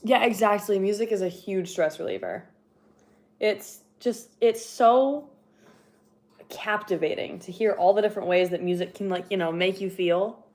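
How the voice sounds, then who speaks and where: A young woman in casual livestream chat, talking in loose, rambling sentences full of fillers and easy laughs. Her voice sits at an ordinary middle pitch and has a slightly breathless edge, as if she has been talking a lot. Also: moderate pace, darkish tone. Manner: chatty, rambling, laughs often, many fillers. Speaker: livestreamer and horn player.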